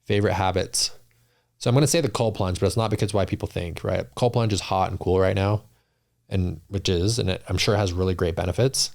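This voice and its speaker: A man's voice: sits low, steady tone, fairly quick, gravelly, a little mellow. A man talking as a podcast guest in casual interview chat, earnest and reflective, often restarting his sentences. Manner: earnest, reflective, many restarts and "you know".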